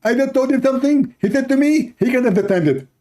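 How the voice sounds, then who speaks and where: Guy doing a smug pushy debater voice, pitched up high, mellow tone, all singsong and insistent. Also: expressive, fast. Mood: triumphant. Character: mock pushy male Muslim debater, adult, smug.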